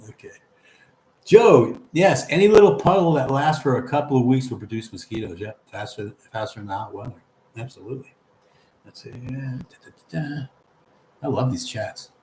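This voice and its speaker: A man's voice: medium pitch, a little mellow, reverberant, a little hiss or hum. A man hosting a casual livestream, reading viewer comments aloud and chatting back in an encouraging, easygoing way.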